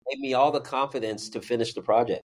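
A man's voice: mid-range voice, fairly even intonation, fast talker. A man, a drummer and music teacher, telling a story as an interview guest and acting out the voices he quotes.

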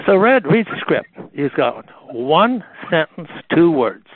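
A man telling anecdotes on a radio call in a lively storytelling manner, acting out the people in his tales. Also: on the high side, takes it slowly, hardly any pauses, slightly rough. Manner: animated, acts out the voices in his stories. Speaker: guest telling stories about a friend. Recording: tinny phone-like radio line.

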